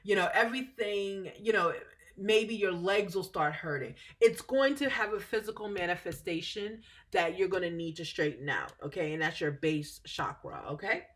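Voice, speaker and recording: A woman with a low-leaning voice speaks at a moderate pace, giving a casual, talkative explanation as a spiritual teacher. She's chatty, keeps checking in with "okay?", and corrects herself as she goes.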